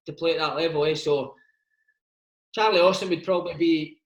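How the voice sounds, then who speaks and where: A man's voice: fairly high pitch, steady tone, a little fast, muffled recording. A Scottish former footballer in his thirties, telling stories in casual chat, swearing freely and calling the listener mate. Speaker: former footballer, interview guest. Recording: roomy echo.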